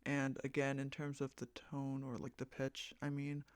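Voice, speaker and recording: A man's voice: mid-range voice, monotone, normal speed, hardly any pauses, clean tone, no room sound. An American man rambling casually about a casting call, hesitant and full of fillers and restarts. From United States. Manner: meandering, hesitant, with many fillers and self-corrections. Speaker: fan project creator running a voice casting call.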